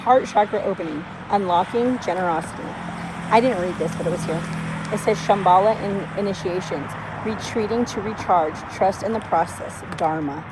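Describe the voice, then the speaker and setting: A woman's voice: medium pitch, moderate pace, very noisy. Rambling, swearing woman reading cards. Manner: rambling, swears freely, laughs often. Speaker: intuitive reader. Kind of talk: casual spiritual reading monologue.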